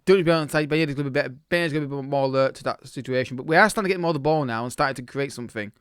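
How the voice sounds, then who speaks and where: A man's voice: mid-range voice, very fast, a bit bright, clear, resonant tone, no echo, clean studio sound. A man casually commentating his own football management game, reacting live and often restarting his sentences. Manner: chatty, reacts live to the match, many restarts. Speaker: gaming YouTuber.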